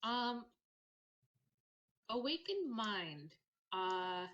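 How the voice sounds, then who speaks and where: A woman's voice: on the high side, big pitch swings, drawn-out words, fairly bright tone, muffled recording. A woman playing a tabletop game, rambling and swearing, with many fillers. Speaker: player. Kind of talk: casual tabletop play.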